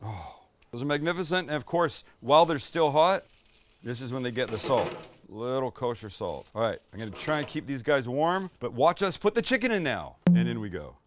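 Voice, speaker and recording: A man hosting a casual cooking demonstration, excitable and chatty, swearing when delighted and talking straight to the viewer. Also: mid-range voice, normal speed, background noise. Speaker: cooking show host.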